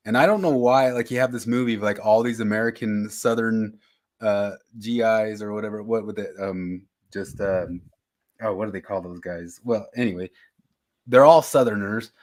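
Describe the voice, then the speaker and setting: A man's voice: fairly low pitch, steady tone, moderate pace. A man in casual podcast chat, rambling and trailing off into fillers. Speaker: podcast co-host.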